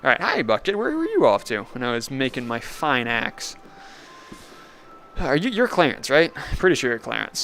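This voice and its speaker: A man's voice: medium pitch, very animated, brisk, gravelly, fairly bright tone. A young man streaming a video game, rambling casually, laughing often and mocking himself. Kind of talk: casual gaming commentary.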